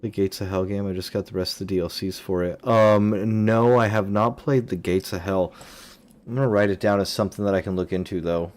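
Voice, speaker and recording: A young man chats casually while he streams a game. He rambles and fills his pauses with ums as he answers viewers. His voice sits on the low side. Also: steady tone, a little mellow. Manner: rambling, filler-heavy, answers chat questions.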